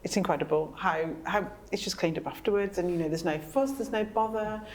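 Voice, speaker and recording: A woman's voice: lowish voice, fairly quick, slight background noise. A woman co-hosting a podcast, speaking earnestly and appreciatively in a small meeting room. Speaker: podcast co-host. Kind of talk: casual conversation.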